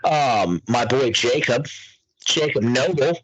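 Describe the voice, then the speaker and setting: A young man co-hosting a casual podcast, excitable and swearing constantly as he chats about lifters. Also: medium pitch, takes it slowly, no echo, low-quality recording. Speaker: podcast co-host. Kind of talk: casual profane chat.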